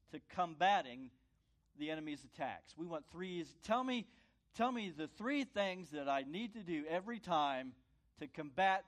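A man preaching a sermon as a pastor, earnest, repeating phrases and rising to loud commands. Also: on the high side.

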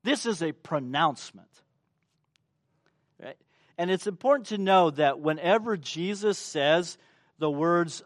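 A man's voice: a little high, normal speed, no echo, clean studio sound. A male pastor preaching a sermon, acting out quotes and asking the congregation questions. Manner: animated, acts out quotes, asks the congregation questions.

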